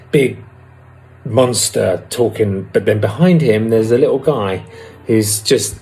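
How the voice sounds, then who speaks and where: A man with a husky, low-pitched voice talks candidly about working a twelve-step recovery program. He sounds reflective and personal and now and then hesitates to find his words. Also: a little slow, darkish tone, soft background music. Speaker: recovery vlogger.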